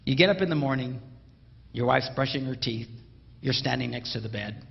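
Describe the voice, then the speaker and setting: A man giving a humorous live talk to an audience, playful and animated. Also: medium pitch, a little fast, vocal fry. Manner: playful and animated, mimics a bell sound. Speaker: speaker addressing an audience. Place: large hall with a live audience. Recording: dull, roomy hall recording.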